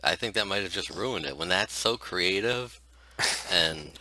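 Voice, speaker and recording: A man's voice: low voice, lively intonation, measured pace, pushed and bright, poor audio. A man chatting casually while playing a team game with friends, laughing often and teasing them. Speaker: gaming channel host.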